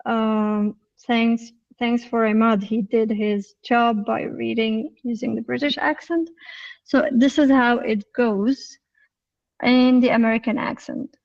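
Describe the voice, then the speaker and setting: A woman teaching an English lesson in a live online session, explaining patiently and reading examples slowly. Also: on the high side, flat delivery, gravelly, darkish tone, distant mic, dull audio.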